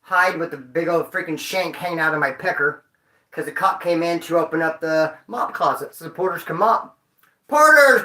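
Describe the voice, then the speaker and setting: A man's voice: on the high side, sharp tone. Rambling, profane man in an echoey room. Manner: rambling, profane street slang. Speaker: vlogger. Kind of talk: casual storytelling to viewers.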